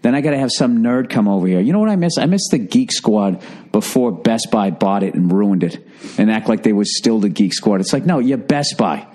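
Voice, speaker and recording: A man's voice: fairly low pitch, animated, brisk, mellow. A man hosting a casual podcast from home, grumbling and swearing through offhand rants. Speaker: podcast host.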